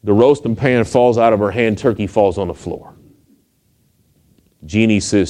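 A man's voice: fairly low pitch, a little slow, pauses often, dark tone. A male pastor, preaching a sermon in a folksy storytelling way that builds to emphatic exhortation.

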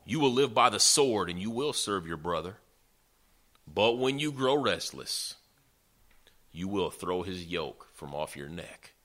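A man's voice: low-pitched, animated, unhurried, a bit bright, full character voice. A man voicing an old father who solemnly pronounces blessings in a sermon retelling.

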